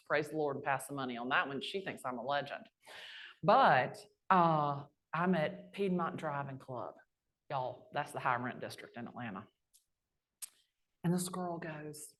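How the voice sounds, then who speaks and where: A woman's voice: deep voice, normal speed. Brash woman telling stories. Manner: brash, lively, folksy storyteller. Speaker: guest speaker. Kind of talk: storytelling talk on stage.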